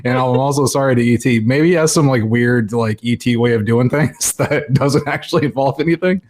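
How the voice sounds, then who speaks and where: A man's voice: mid-range voice, brisk, a little mellow. A man co-hosting a podcast in casual chat, rambling and laughing often. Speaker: podcast co-host.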